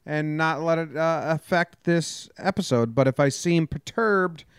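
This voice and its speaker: A man's voice: a little high, unhurried, clear, resonant tone, no room sound, studio quality. A man hosting a casual sports podcast, talking bluntly and grumpily, with some swearing. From New Jersey. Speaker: podcast host.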